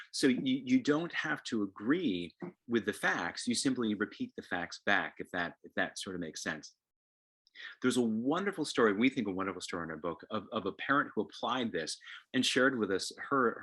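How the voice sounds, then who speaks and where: A man giving a lively talk on parenting, animated, acting out quotes and often repeating words. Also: on the low side, breathy edge. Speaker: co-presenter on parenting.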